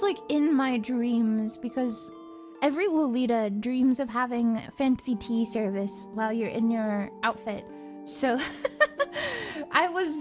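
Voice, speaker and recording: A high-pitched young woman streams and tells stories in a casual, animated way. She laughs constantly through her words and swears freely. Soft music plays low behind her. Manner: animated, giggly storytelling with frequent swearing. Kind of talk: casual chat.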